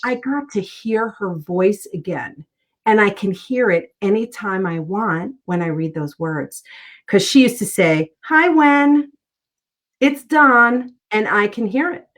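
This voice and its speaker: A woman's voice: mid-range voice, measured pace. A middle-aged woman, a guest author in a casual interview, talking in an earnest, heartfelt way as she tells personal stories.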